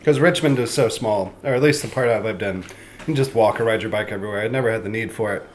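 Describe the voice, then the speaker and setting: A man, a comedian, telling stories in a casual chat, animated and often laughing. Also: fairly low pitch, fast talker. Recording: faint background noise.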